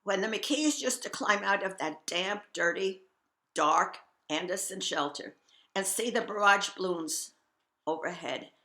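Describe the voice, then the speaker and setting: A woman's voice: mid-range voice, animated, unhurried, pushed and bright, roomy sound. An older woman from Scotland reading her personal memoir aloud, reflective with wry humor. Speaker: memoir reader.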